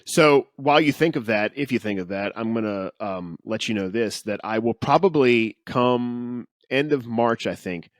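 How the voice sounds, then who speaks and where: A man's voice: medium pitch, normal speed, few pauses, no echo, studio quality. A man co-hosting a podcast in casual chat, opinionated and wry, with some mock exasperation. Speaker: podcast co-host. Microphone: studio headphones.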